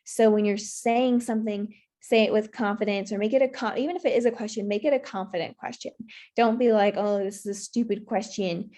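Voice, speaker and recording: A woman's voice: fairly high pitch, steady tone, fairly quick, dark tone. A woman presenting a virtual workshop, giving earnest advice with many "you know" fillers over a video call mic.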